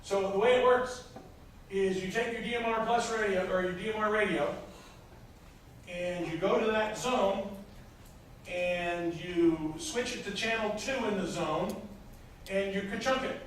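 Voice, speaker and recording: A man's voice: high voice, measured pace. Man lecturing in an echoey classroom. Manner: explains step by step with frequent hesitations. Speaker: instructor. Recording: echoey room from far off, faint noise.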